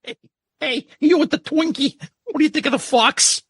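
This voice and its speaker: A man doing an impression of a brash male rock guitarist who loudly heckles kids in an audience. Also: very high voice, normal speed, dry recording, studio quality, voice pushed up. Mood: mocking. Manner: loud heckling banter.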